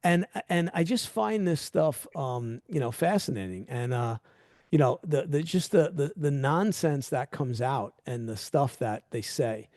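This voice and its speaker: Animated, dry-miked man telling stories. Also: medium pitch, a little slow, no room sound. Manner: animated storyteller, acts out quoted dialogue. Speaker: podcast host. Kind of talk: casual interview chat.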